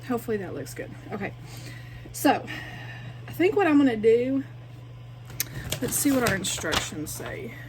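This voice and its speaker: A woman with a fairly high voice walks viewers through a sewing project in a chatty, casual way. She thinks out loud as she works and speaks straight to her audience. Faint noise sits behind her voice. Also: sing-song, moderate pace, long pauses. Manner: chatty, thinking aloud, talks to viewers directly. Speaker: sewing vlogger.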